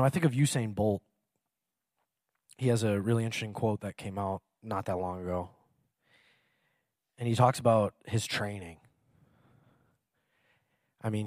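A man's voice: fairly low pitch, no echo, clean studio sound. A man preaching a casual sermon in a chatty, self-mocking way, laughing often.

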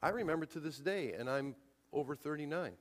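A man in his forties delivers a sermon in a high voice. He talks emphatically and leans hard on his key points. The sound carries a long reverb, as in a church hall. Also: animated, a little fast, slight background noise. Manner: emphatic, rising to near-shouts on key points. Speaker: pastor.

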